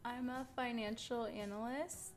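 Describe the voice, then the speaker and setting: A woman's voice: fairly high pitch, steady tone, unhurried, soft background music. A young woman in her twenties co-hosting a podcast in casual, giggly chat. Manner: giggly, chatty, trailing off. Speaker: podcast co-host.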